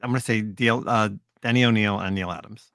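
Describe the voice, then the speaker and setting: A man co-hosts a podcast, speaking at a middling pitch in an easygoing way. He steers the guest toward stories. The sound is close and dry. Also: steady tone, fast talker, fairly bright tone, no room sound. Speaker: podcast co-host. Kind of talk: casual chat.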